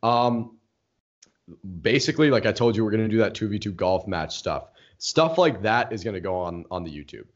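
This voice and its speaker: A young man, co-hosting a casual podcast and telling stories in an excitable, swearing rant. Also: fairly low pitch, moderate pace. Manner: excitable storyteller, swears freely, heated rants. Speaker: podcast co-host. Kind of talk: casual chat. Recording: dull lo-fi recording.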